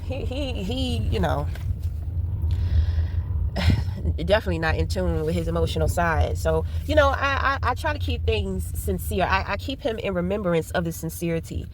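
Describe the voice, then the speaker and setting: A woman's voice: lowish voice, lively intonation, moderate pace. A woman chatting casually while driving, telling a rambling, candid story full of profanity. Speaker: vlogger. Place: inside a car. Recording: car noise in background.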